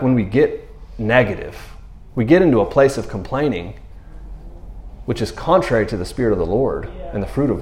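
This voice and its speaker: A man's voice: mid-range voice, echoey room. A man preaching a sermon in a casual, slangy way, acting out the people in the story with changing voices. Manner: animated, slangy, acts out quotes in character voices. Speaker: pastor.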